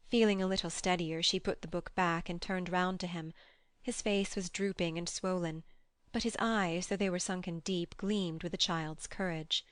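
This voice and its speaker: A woman narrating an audiobook in a measured, even way. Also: lowish voice, smooth, no echo, clean studio sound. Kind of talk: scripted narration.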